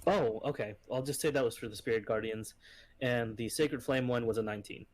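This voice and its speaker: A man running a tabletop game as game master, easygoing and often pausing with fillers. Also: mid-range voice.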